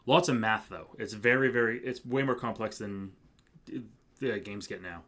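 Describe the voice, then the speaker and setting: A man's voice: on the low side, a little slow, a bit bright. A man streaming a game, chatting casually with viewers and reading dialogue aloud in a joking way.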